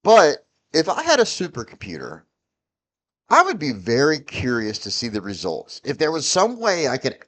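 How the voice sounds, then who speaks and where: A man's voice: fairly high pitch, wildly swooping pitch, moderate pace, fairly bright tone. A middle-aged man vlogging a heated, profane political rant, rambling and restarting his sentences often. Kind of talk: ranting political commentary.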